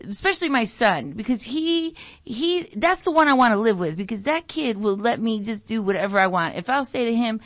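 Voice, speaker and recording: Middle-aged woman, radio host, sniffly from allergies, fairly high voice, dry close sound, animated rambling storytelling. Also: brisk, no echo. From United States. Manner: animated storytelling, mimics family voices, jumps pitch for emphasis. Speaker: radio show host, nurse. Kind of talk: casual rambling talk radio monologue.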